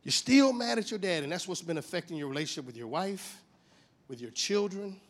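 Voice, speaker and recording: A fifty-year-old man delivering a sermon as animated storytelling. His voice sits a little high for a man and rises and falls widely between hushed, low lines and loud, climbing ones. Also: fairly quick. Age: 50s. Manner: animated storytelling with wide swings in pitch and volume. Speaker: preacher.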